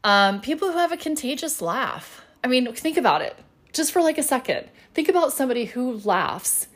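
A woman's voice: sits high, sing-song, normal speed, fairly bright tone. A middle-aged woman hosting a solo podcast, talking in a chatty, upbeat way with plenty of fillers. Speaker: podcast host.

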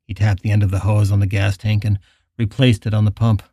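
A man narrating an audiobook in an even, measured way. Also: fairly low pitch, slightly rough, dry recording, studio quality.

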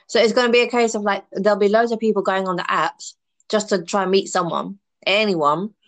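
A woman's voice: mid-range voice, fairly even intonation, normal speed, a bit bright. A woman chatting casually as a podcast guest, eating snacks while she talks. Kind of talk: casual chat.

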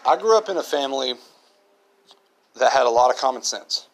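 A man's voice: medium pitch, expressive, fairly quick. A man hosting his own podcast, talking in an earnest, reflective monologue and often repeating himself. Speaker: podcast host.

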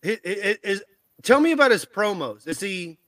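A man's voice: sits high, sing-song, moderate pace, pushed and bright, no room sound. A man hosting a casual wrestling podcast, bantering, firing off questions and laughing often. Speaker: podcast host.

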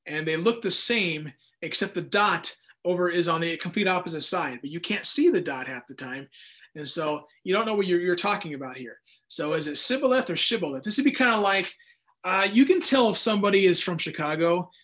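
A man's voice: sits high, lively intonation, brisk, bright, forceful tone. A man casually teaching a Bible study, talking loosely with restarts and acted-out asides. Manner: conversational, rambling, with frequent restarts and acted-out asides.

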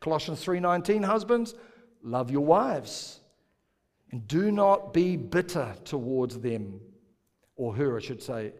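A man's voice: fairly high pitch, animated, a little slow, darkish tone. Man preaching in a reverberant hall. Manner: playful, jokes with congregation, asks them to repeat words. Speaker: pastor. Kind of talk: sermon.

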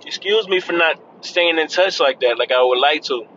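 A man chats loosely to his audience while he sits in a car. His voice is bright and forward. The recording sounds dull and lo-fi, with a faint vehicle hum underneath. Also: a little high, normal speed. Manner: loose and chatty, says "man" and "y'all" often. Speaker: vlogger. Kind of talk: casual monologue to viewers.

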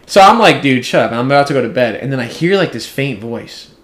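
A man's voice: medium pitch, lively intonation, fast talker, fairly bright tone. A man in his twenties co-hosting a podcast, telling a story casually and rambling with lots of "like". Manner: rambling, fills speech with "like". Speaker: podcast co-host.

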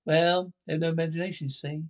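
A man's voice: a little high, level tone, fast, natural voice. An actor playing a scornful male pundit who lectures about other people's stupidity.

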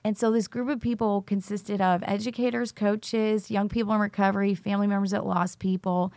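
Animated storytelling woman, dry close sound. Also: mid-range voice, a little fast, no echo. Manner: animated storyteller acting out quoted dialogue. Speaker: teacher, recovery school founder. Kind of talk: interview storytelling.

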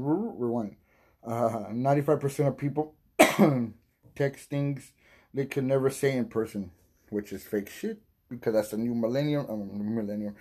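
A man hosting a podcast, rambling and swearing in a casual monologue while high and coughing from smoking. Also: warm tone, husky. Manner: rambling, profane, loses his train of thought. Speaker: podcast host.

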